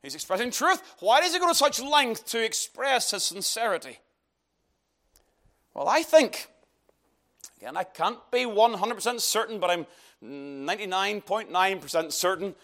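A man's voice: high voice, expressive, normal speed, bright, forceful tone. A man preaching an expository sermon, emphatic and asking rhetorical questions.

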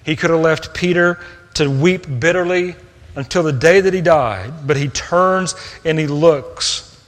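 A man's voice: fairly high pitch, unhurried. Man preaching with hall reverb. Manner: earnest, swings from soft and hushed to raised and emphatic. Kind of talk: sermon.

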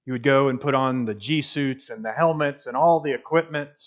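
A man preaching a sermon as pastor, telling a story and then building emphatic, repeated points. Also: medium pitch. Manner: emphatic preaching with rising intensity and measured repetition.

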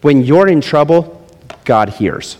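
A middle-aged man preaching a sermon as pastor, swinging between loud, high emphasis and low, quiet drops. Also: lively intonation, slow. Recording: long hall reverb.

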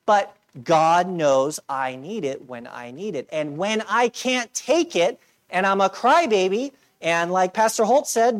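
A man preaches in a church, talking to his congregation as if chatting. He jokes at his own expense and keeps checking in with "right?" between his points. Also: high-pitched. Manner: conversational preaching, self-deprecating humor, frequent "right?". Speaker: pastor. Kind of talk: sermon.

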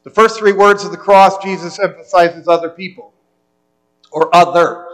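Male pastor with a high voice, earnest sermon delivery. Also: moderate pace, a bit bright, rough recording. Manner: earnest preaching, repeats words when restarting.

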